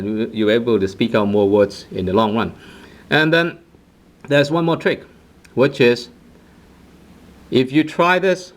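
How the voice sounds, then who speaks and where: A man teaching a casual online language lesson, demonstrating tones with sung phrases and often checking in with "right?". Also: mid-range voice. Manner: sings short phrases and repeats syllables to demonstrate tones; frequent "right?" check-ins and restarts. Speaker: Cantonese teacher.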